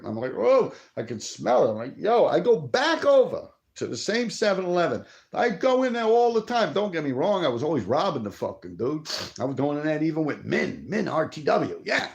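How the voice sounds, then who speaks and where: Middle-aged New man, gravelly, streetwise, profane live-stream storyteller. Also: fairly high pitch. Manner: profane, streetwise, answers viewer chat. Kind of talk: casual rambling storytelling.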